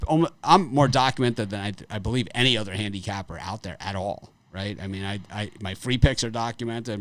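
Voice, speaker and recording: A man hosting a live sports betting show, talking bluntly and casually with frequent restarts and some swearing. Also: lowish voice. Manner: blunt, profane, rambling with restarts.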